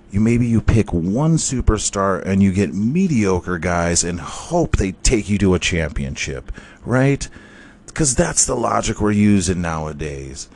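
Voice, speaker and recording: A man's voice: deep voice, a little mellow. A man hosting a podcast, rambling through a profane, jokey rant in a casual way. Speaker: podcast host.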